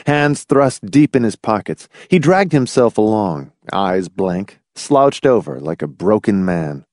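A man reading fiction aloud as an audiobook narrator, with a low voice that swings widely in pitch. His storytelling is expressive and dramatic. The recording is dry and close, with no room sound. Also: measured pace, dry recording. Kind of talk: scripted narration.

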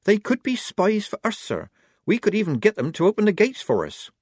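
A young woman passing herself off as a keen boy private, raised, eager and dutiful in tone, as a man puts her on. The storybook reading is lively in pitch and dry and close. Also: fairly quick, slightly rough, no echo, exaggerated voice.

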